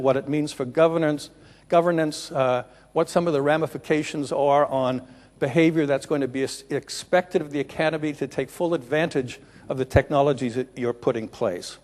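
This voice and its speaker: A middle-aged man giving a conference presentation, unhurried, often pausing to rephrase. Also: on the high side, a little mellow. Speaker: conference keynote speaker. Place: large conference room. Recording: reverberant conference hall.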